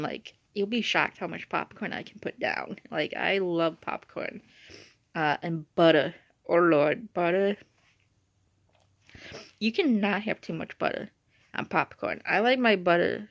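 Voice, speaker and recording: Young woman vlogger, low and gravelly, chatty rambler, dry dull phone-quality sound. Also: no echo. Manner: rambling, uses "like" a lot. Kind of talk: casual chatty storytelling. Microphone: phone or device screen.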